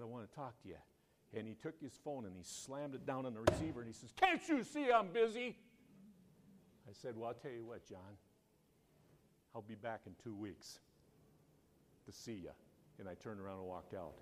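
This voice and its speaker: A man preaching a sermon to his church, telling stories in a conversational way and rising to loud, emphatic peaks. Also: lowish voice, fairly quick, slight background noise. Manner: conversational storytelling, asks the congregation questions. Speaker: pastor.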